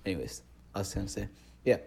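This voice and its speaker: A man's voice: sits low, lively intonation, quick pace, creaky, a little mellow, breathy edge. A young man co-hosting a podcast, chatty and telling stories full of asides. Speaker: podcast co-host. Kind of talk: casual chat.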